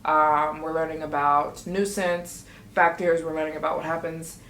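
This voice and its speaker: A woman telling a story in a casual vlog, chatty and excitable, often acting out what she and others said. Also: low-pitched, normal speed, a little hiss or hum. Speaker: travel vlogger. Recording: echoey room.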